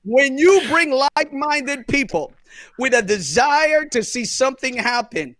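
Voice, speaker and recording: A man's voice: very high-pitched, lively intonation, unhurried, a bit bright, dry recording. A man on a video call at a live-streamed panel, speaking in a rhythmic, preacherly build with repeated phrases. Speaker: panel guest.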